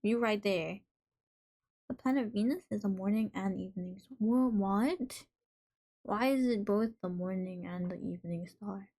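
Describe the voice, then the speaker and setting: A woman's voice: mid-range voice, a little slow, warm tone. Chatty woman streamer reacting to chat. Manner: reads chat messages aloud and reacts, playful and chatty. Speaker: livestream host. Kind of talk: casual live-stream chat.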